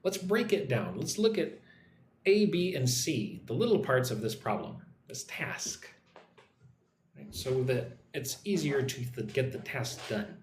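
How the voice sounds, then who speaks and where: A man teaching English on a live stream, slowly modeling pronunciation and reading viewer comments aloud. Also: mid-range voice, reverberant, slight background noise.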